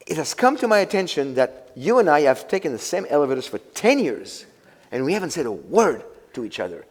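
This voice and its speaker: A man giving a conference talk in a church, telling anecdotes in a conversational way with many restarts and fillers. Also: fairly high pitch. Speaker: conference speaker. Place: church hall. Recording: long church hall reverb.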